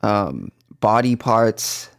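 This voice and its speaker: A man's voice: lowish voice, lively intonation, very slow, gravelly. A man with a Boston accent, co-hosting a casual podcast and rambling through stories with many restarts. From East Coast US. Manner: rambling, self-correcting storyteller. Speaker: podcast co-host. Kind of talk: casual chat.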